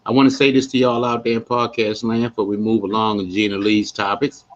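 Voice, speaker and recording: A man hosting a live podcast, talking in a playful, animated way with lots of asides to his listeners. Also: lowish voice, a little fast, highs cut off. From West Baltimore, USA. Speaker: podcast host.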